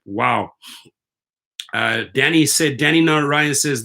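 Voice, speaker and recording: Bright-voiced, emphatic male host. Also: mid-range voice, normal speed. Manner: animated, emphatic, blunt with profanity. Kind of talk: reading and reacting to viewer comments.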